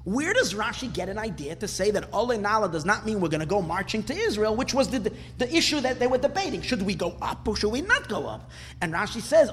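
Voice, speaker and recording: A man's voice: sits high, a little hiss or hum. A man teaching a Torah class, asking questions and rising into emphatic bursts. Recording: hall reverb with faint ambience.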